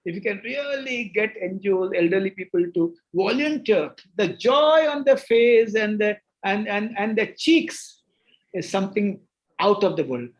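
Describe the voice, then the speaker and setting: A man's voice: high voice, animated, unhurried, poor audio. A middle-aged man with an Indian English accent, a doctor answering questions at a seminar, earnest and emphatic, often repeating words as he restarts. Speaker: doctor and guest speaker.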